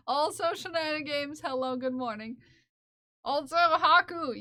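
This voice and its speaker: A woman's voice: high-pitched, measured pace, long pauses, sharp tone. A woman streaming live while knitting, chatting casually and playfully with her viewers and her cat, laughing often.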